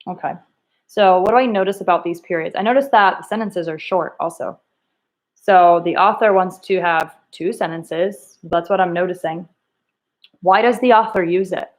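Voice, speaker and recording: With a lowish voice and moderate pace, a woman guides a reading lesson as the teacher. She thinks out loud, draws students in with questions and reads lines over in different tones.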